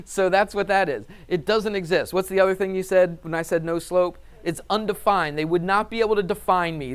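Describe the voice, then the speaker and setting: A male math teacher in a classroom, spinning an animated story for his students and chuckling often as he acts it out. His voice sits a little higher than most men's, and he drops into asides before bouncing back up. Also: clear, resonant tone.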